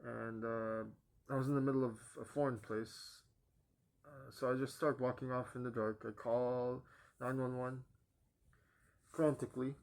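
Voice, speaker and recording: Hesitant young man recounting his story. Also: level tone. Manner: hesitant, many pauses and fillers, voice dropping low and soft at the ends of phrases. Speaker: vlogger giving a personal testimony. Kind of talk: halting personal storytelling.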